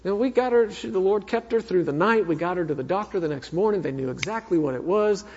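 A man preaching a sermon as a minister, telling a personal story in an earnest way that swings between fervent and hushed. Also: high-pitched, quick pace, a little hiss or hum. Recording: echoey hall, dull sound.

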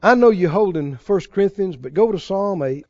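A man preaching a sermon as pastor, fervent, with sudden bursts of loud praise. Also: high-pitched, expressive, moderate pace, no room sound, dull audio.

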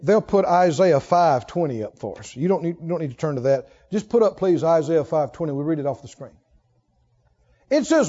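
A male pastor preaching a sermon in a large church, animated and chuckling, firing rhetorical questions at the congregation. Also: a little high, moderate pace, breathy edge, some chatter behind. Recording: dull lo-fi sermon recording.

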